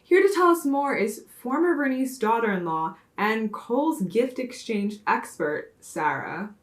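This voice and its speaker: A woman playing an earnest TV news anchor in a comedy sketch, in a crisp newsreader delivery. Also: a little high, sing-song, a little slow, echoey room. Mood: newsy.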